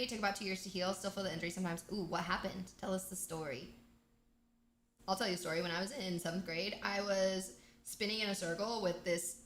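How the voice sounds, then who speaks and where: Bubbly bright-voiced woman streamer. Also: mid-range voice. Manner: bubbly, chatty, excited outbursts. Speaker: livestream host. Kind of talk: casual game livestream chat. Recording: echoey room.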